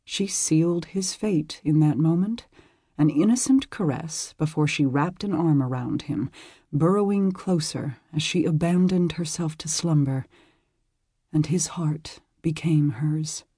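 A man reading a historical romance aloud in measured, intimate storytelling. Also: on the high side, warm tone, breathy edge, dry recording, clean studio sound. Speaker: audiobook narrator. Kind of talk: scripted narration of a historical romance.

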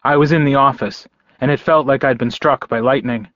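Male audiobook narrator, even and plain, dry muffled recording. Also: medium pitch, fairly quick, no echo. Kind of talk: first-person fiction narration. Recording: dry, dull close-mic recording.

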